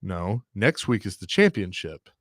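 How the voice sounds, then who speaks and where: A man's voice: low-pitched, big pitch swings, measured pace, fairly bright tone, no echo, clean studio sound. A man hosting a sports radio show, talking casually and opinionatedly, often restarting his sentences.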